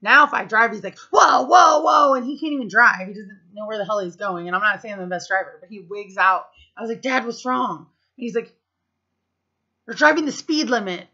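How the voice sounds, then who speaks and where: A bright, forceful-sounding woman in her thirties rambles through family stories to camera, swearing casually and leaning on "like" and "um." The recording is a bit dull and lo-fi. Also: medium pitch, expressive, a little fast. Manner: chatty, profane, full of fillers. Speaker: vlogger. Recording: slightly muffled lo-fi recording.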